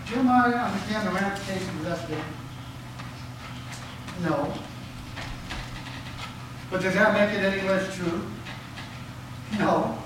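A man's voice: sits high, measured pace, pauses often, background noise. A man preaching a sermon, asking the congregation questions and driving points home with emphatic rises and drops. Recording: very echoey hall from a distance.

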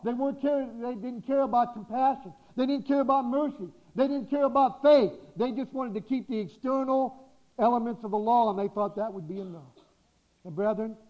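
A man preaching a sermon to his congregation, exhorting and repeating key phrases, slowing down to stress his points. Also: high-pitched. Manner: exhorting, repetitive, slows for emphasis. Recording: dull lo-fi recording.

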